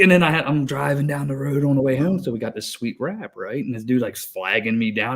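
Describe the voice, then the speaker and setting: A man's voice: mid-range voice, a little fast, few pauses. A man in his thirties, an HVAC technician co-hosting a podcast, telling a rambling story in a hyper, breathless way with lots of swearing. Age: 30s. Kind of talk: casual chat.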